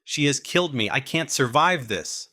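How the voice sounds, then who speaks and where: A man's voice: lowish voice, expressive, moderate pace, bright, forceful tone, no room sound, studio quality. A man doing a heavy-accented foreign gunman. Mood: panicked. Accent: heavy Spanish-speaking accent. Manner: curt and threatening, then desperate. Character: frightened gruff foreign gunman, adult man.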